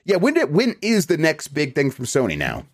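A man co-hosting a casual podcast, reading listener questions aloud in a relaxed way with filler words. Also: a little high, a little fast, no echo, clean studio sound. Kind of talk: casual chat.

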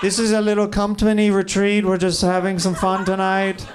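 On a comedy club stage, a man with a high voice does improvised crowd work, riffing on and teasing the audience. He speaks at normal speed with a completely flat delivery, and the live crowd can be heard laughing.

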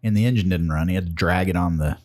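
Forties man, low husky voice, laid-back profane storyteller. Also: quick pace, darkish tone. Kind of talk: casual storytelling.

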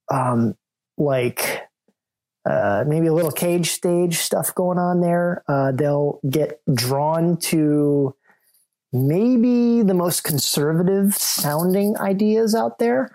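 A man's voice: a little high, slow, darkish tone. A man talking loosely and at length as a podcast guest, full of "like" and "um", with jokey self-mocking asides. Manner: rambling, loose, lots of "like" and "um". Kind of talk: casual chat.

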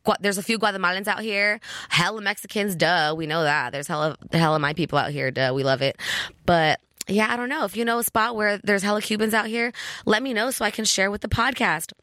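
A young woman chats through a personal story as a podcast host. She has a bright, crisp voice and fills her talk with "like" and slang. The recording is close and dry. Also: mid-range voice, a little fast, dry recording. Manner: chatty, peppers speech with "like" and slang. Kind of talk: casual confessional storytelling.

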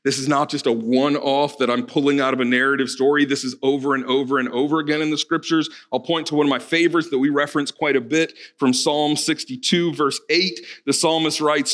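A man preaching a sermon to a congregation in a church hall, swinging from hushed pleading to loud, fervent urging. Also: a little high, fairly even intonation, brisk, hardly any pauses. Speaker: pastor.

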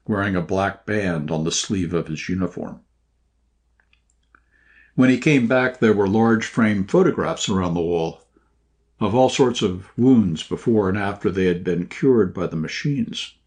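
A man reading a short story aloud in scripted first-person narration, at a measured, even pace. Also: fairly low pitch. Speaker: audiobook narrator.

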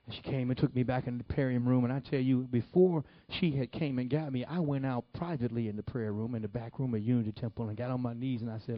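A man from the Detroit area preaching, telling his testimony in an animated, folksy way. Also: mid-range voice, fast, few pauses, no room sound. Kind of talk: sermon testimony storytelling. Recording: dull lo-fi, dry sound.

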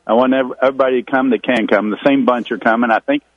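A man's voice: mid-range voice, steady tone, no room sound. Rambling older man on a dull phone line. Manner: rambling, halting, repeats himself. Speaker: caller. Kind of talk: casual phone call to a radio show.

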